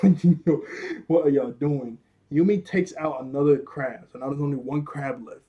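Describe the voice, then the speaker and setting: Dude chatting thru a cartoon recap, laughs a lot, kinda husky, soft mellow tone. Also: male voice, on the high side, moderate pace, highs cut off. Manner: chatty and rambling, laughs often, slangy. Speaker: cartoon episode reviewer. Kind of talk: casual recap commentary.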